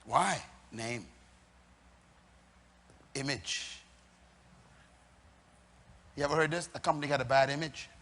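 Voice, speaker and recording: A man's voice: medium pitch, takes it slowly, pauses often, fairly bright tone. A man preaching a sermon to a church congregation, emphatic and teasing, repeating his key phrases. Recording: long hall reverb.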